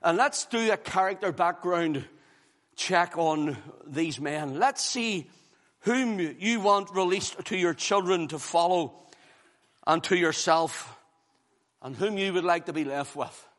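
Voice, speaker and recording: A man's voice: high-pitched, slow pace, fairly bright tone. Emphatic preacher man in a reverberant hall. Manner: emphatic, repeating phrases with rising force. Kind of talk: sermon.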